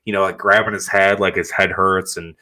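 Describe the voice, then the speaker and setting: Low-voiced man recapping on a podcast. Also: flat delivery, brisk, bright, forceful tone. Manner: filler-heavy, recaps scenes. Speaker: podcast co-host. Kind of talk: casual chat.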